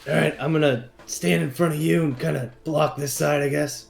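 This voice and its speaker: A man's voice: a little high, fairly even intonation, normal speed, gravelly. A man playing a tabletop game, talking casually and hesitantly with many fillers. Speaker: player.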